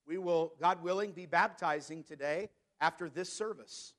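Higher voiced guy preaching, reads bible verses slow and emphatic. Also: fairly bright tone. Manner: preaching, reads scripture in King James wording, slows for emphasis. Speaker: pastor. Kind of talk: sermon.

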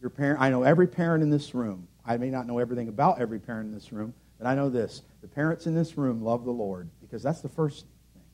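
A middle-aged pastor preaches a sermon in church at a fast pace. He is earnest, climbing to loud, emphatic peaks before dropping low again.

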